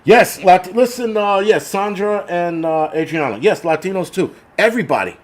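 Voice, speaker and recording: This livestream host has a high-pitched, expressive voice and speaks at a moderate pace. While thanking viewers for donations, he rants bluntly with lots of profanity and frequent restarts.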